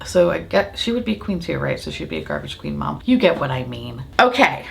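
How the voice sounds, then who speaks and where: Sassy, lively woman vlogger. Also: low voice, fairly quick, gravelly, hardly any pauses, a little hiss or hum. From United States. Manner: sassy, loud and playful with frequent laughs. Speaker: makeup vlogger. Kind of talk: casual chat to camera.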